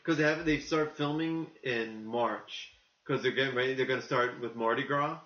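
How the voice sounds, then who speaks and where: A man co-hosting a casual podcast, talking in an animated, rambling way and acting out the quotes he tells. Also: medium pitch, normal speed, a crowd in the background. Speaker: podcast co-host. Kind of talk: casual chat. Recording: muffled, echoey room.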